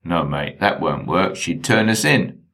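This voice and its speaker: A man voicing a slow-witted, growly kidnapper. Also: low voice, lively intonation, fairly bright tone, heavily acted. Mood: gruff.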